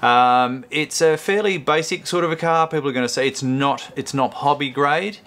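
A man's voice: fairly high pitch, normal speed, fairly bright tone. A man hosting a casual product review, chatting and rambling as he unboxes, often correcting himself mid-sentence. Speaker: host.

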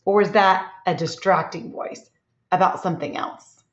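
A woman teacher giving a read-aloud lesson to young children, speaking gently and expressively and asking them questions. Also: on the low side, fairly even intonation, normal speed. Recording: echoey room, dull lo-fi sound.

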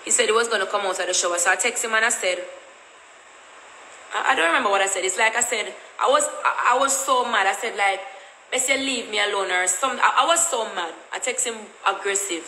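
Jamaican woman ranting, bright voice. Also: medium pitch, fairly quick, roomy sound, a little hiss or hum, rough recording. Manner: blunt, repetitive, cussing. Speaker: vlogger. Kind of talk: casual storytime rant.

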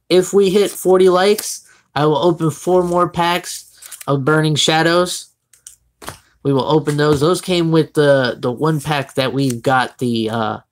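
Opening card packs on a live stream, a young Floridian man with a Southern accent chats casually and greets his viewers by name. His voice is fairly high.

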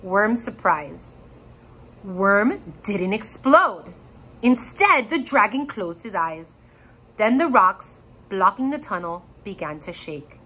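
Expressive woman reading a storybook aloud. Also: mid-range voice, slow pace, breathy edge, low-quality recording. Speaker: reader. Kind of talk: reading a children's chapter book aloud.

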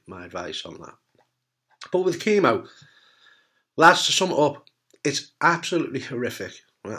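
Brief: man, cancer survivor, blunt, frank, jokey, swears, mid-pitched voice, casual to-camera talk. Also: fairly bright tone. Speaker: testicular cancer survivor giving advice.

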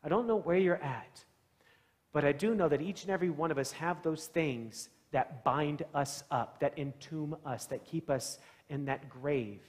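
A man preaching in a church, his fairly high voice carrying a long reverb through the sanctuary. He retells a gospel story conversationally and animatedly, jumping into the characters' lines with sudden loud bursts before settling back into plain-spoken talk. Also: unhurried. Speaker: pastor. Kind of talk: sermon.

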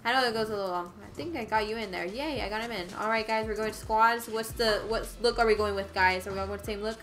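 A woman's voice: medium pitch, quick pace. A woman hosting a casual gaming livestream, chatty and upbeat, greeting viewers by name. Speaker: livestream host. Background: game music.

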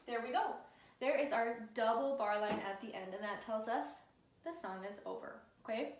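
A woman's voice: on the high side, normal speed, far from the mic. A woman music teacher giving an encouraging lesson to children in a classroom, counting and chanting along with them. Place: classroom with whiteboard. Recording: echoey room, voice from afar.

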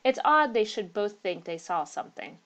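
A man's voice: high voice, sing-song, moderate pace, a bit bright. A woman reading the part of an uneasy but hearty male traveller. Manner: uneasy, then hearty and affable.

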